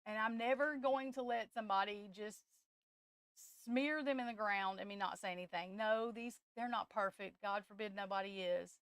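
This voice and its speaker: Close to tears, the tarot stream host talks to "y'all" with real passion, faltering and beginning again. She has a mid-range, fairly bright, smooth voice with no room sound, and the talk is emotional live-stream chat.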